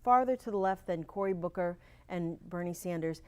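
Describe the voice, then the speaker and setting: A middle-aged woman with a lowish, mellow, clean voice sits as a candidate guest in a local TV studio. Her casual interview talk is earnest and upbeat, and she slowly spells things out.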